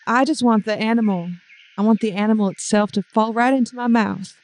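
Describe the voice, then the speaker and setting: A woman's voice: fairly high pitch, steady tone, a little fast, darkish tone, no echo. Giggly woman player. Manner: giggly, playful. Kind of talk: playful tabletop game banter.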